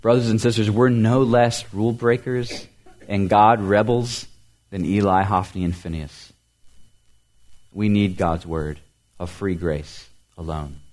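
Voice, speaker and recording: Male pastor, lower voice, earnest sermon delivery, climbs on emphasis, drops soft at phrase ends. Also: fairly even intonation, measured pace. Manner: earnest preaching, rising emphasis then dropping to soft low endings; repeats words for emphasis.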